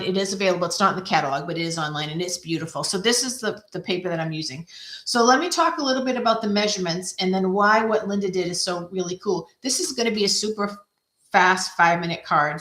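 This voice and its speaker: A craft video host demonstrates card-making in a casual way, chatting, thinking aloud as she works and poking fun at herself. Her voice is fairly low and a bit bright, recorded in an echoey room.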